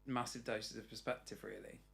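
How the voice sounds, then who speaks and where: A man's voice: lowish voice, fairly even intonation, a little fast, gravelly, a bit bright. A man hosting a casual podcast interview, supportive and answering in short replies. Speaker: podcast host.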